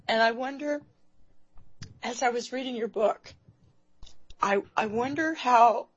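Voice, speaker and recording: A woman hosting an interview program, talking in a halting way with many fillers and restarts. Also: on the high side, breathy edge. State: emotional, near tears. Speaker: radio show host. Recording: dull lo-fi recording.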